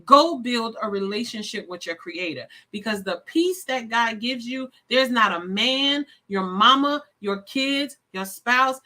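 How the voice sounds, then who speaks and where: A woman hosts her live show and speaks right to her viewers with open, gushing affection. Her voice is bright and forward, sitting a little high. She sounds a bit sleepy. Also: animated, a little slow, few pauses. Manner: effusive, talks straight to viewers. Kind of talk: casual live-stream sign-off.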